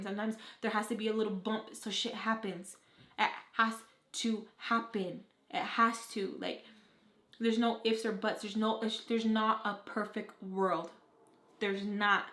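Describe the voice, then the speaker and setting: A young woman chatting to camera while doing her makeup, blunt and swearing often, peppering her talk with "like" and acting out quoted people. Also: on the high side. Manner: blunt and profane, heavy "like" filler, animated quoted voices. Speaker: beauty vlogger. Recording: echoey room.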